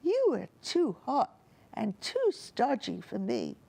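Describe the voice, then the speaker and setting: A woman's voice: on the high side, wildly swooping pitch, slow, gravelly, warm tone, slightly rough, full character voice. A woman voicing a fussy, picky little girl in a children's storybook reading, exclaiming over everything.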